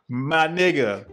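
A man hosting a reaction video, trash-talking in a profane, mocking, excitable way, his voice going hoarse. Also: fairly high pitch. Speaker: YouTube reaction host. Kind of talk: casual reaction commentary.

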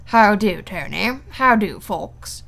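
A woman reading the part of a lazy, foppish English gentleman with a slow, languid drawl. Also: mid-range voice, expressive, creaky, full character voice.

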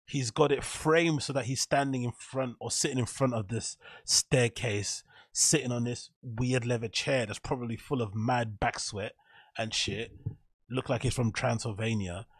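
A man talks over a clip in loose, sarcastic commentary, swearing often and wandering between thoughts. His voice sits at an ordinary middle pitch. The sound is close and dry, with no room around it. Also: fairly even intonation, moderate pace, breathy edge, no echo. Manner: swears freely, rambling and joking. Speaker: reaction video host. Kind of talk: casual reaction commentary.

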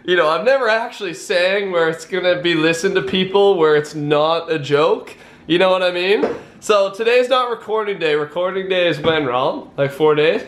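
High-voiced excitable young man vlogging. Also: normal speed, reverberant, slight background noise. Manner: excitable and nervous, laughing often, addresses viewers as guys and dude. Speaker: YouTuber host. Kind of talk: casual vlog chat. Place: at home, indoors.

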